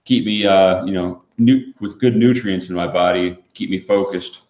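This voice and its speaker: A man with a low voice hosts a casual live stream. He plays along with the jokes in a deadpan way. His audio is echoey and muffled, like a cheap stream mic. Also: normal speed.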